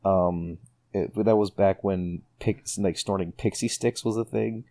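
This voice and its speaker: A man's voice: low voice, fairly even intonation, a little slow, dark tone. A young man co-hosting a casual podcast, talking hesitantly with many ums and uhs. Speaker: podcast co-host. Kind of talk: casual chat.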